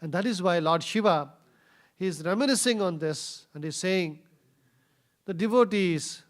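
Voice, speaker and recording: Man, high voice, scripture class storyteller, halting fillers. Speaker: scripture speaker. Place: temple hall.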